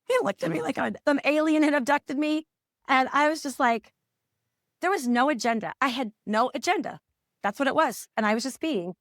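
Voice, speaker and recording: A middle-aged woman, a parent coach, telling a personal story as a podcast guest, reflective and halting, often restarting her sentences. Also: high-pitched, no room sound, studio quality. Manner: reflective, halting, with frequent restarts and soft laughs.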